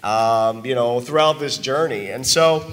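A man's voice: mid-range voice, unhurried, a bit bright, soft background music. A man giving an earnest, emotional testimonial to a live audience, his voice worn from talking a lot. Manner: earnest and emotional, with emphatic asides. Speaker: business owner giving a testimonial.

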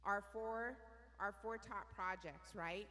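Bright, energetic woman presenter in a hall. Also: mid-range voice, slow. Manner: energetic, asks the audience questions. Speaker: workshop presenter. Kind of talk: live business workshop talk. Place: large meeting room with audience.

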